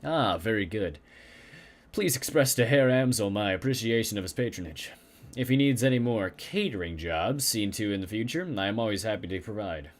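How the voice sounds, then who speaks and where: Man voicing a courteous, scheming café owner in a game, formal, accented, lively pitch. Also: moderate pace, natural voice. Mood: ornate courtesy. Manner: exaggerated formal, put-on Turkish-style accent. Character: male Turkish café owner, polite, scheming fixer.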